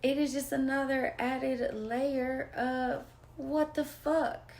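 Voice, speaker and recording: A woman speaking as a mother in a personal vlog monologue, slow and emphatic, repeating phrases for weight and sometimes dropping to a near whisper. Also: high-pitched, level tone, a little mellow. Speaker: mother sharing personal experience.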